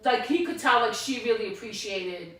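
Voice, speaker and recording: Animated high-voiced woman in an echoey room. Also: moderate pace. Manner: animated, swearing, acts out quotes. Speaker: podcast co-host. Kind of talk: casual chat, storytelling. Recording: echoey room, distant mic.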